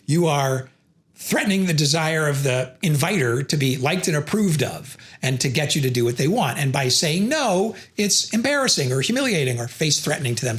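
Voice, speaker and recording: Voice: medium pitch, a bit bright. A presenter explaining communication theory, who acts out sample refusals between the explanations. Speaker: educational video presenter.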